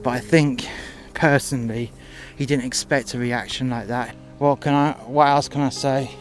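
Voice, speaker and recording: A man's voice: mid-range voice, fairly even intonation, normal speed, faint music behind. A man telling a first-person story in a crude, confrontational way, acting out both sides of a row.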